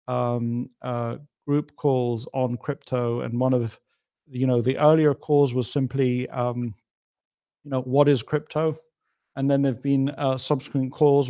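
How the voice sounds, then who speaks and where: A middle-aged man, appearing as a guest on a podcast, speaks at a medium pitch with a darkish tone. He talks thoughtfully and emphatically, building his points through hypotheticals.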